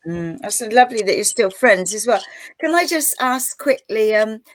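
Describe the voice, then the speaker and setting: A woman hosting an interview, asking questions gently and a little hesitantly. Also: on the high side, animated, moderate pace, no echo. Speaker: interview host.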